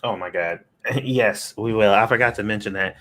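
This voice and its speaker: A man co-hosting a casual podcast, chatting and telling a quick anecdote. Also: on the low side, a bit bright. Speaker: podcast co-host. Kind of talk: casual chat.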